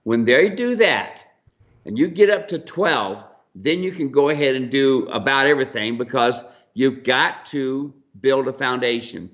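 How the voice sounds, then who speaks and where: A man's voice: mid-range voice, expressive, unhurried, fairly bright tone. A man who trains mules, telling rambling, folksy stories on a radio show. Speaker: mule trainer and ranch owner. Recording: dull lo-fi broadcast audio.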